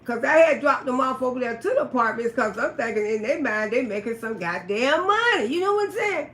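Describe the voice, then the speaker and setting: A woman casually telling a story on a livestream, cursing freely, laughing often and bursting out loudly. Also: high-pitched, expressive, a little fast, slight background noise. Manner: profane, laughs often, loud outbursts. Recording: roomy echo.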